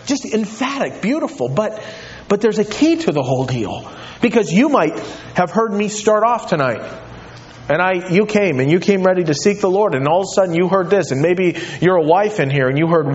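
A man preaching a sermon in a high voice, emphatic and animated as he drives his points home. His pitch swings widely from line to line. The recording sounds dull and lo-fi. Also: a little slow. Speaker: pastor.

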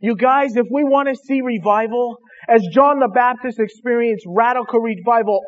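A man's voice: high voice, phone-quality sound, slight background noise. A man preaching a sermon, earnest and conversational, speaking directly to his congregation. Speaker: pastor.

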